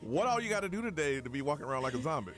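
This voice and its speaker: A man's voice: fairly high pitch, sing-song, racing, a bit bright, soft background music. A man hosting a morning radio show, joking and laughing often as he tells stories in casual banter. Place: radio studio.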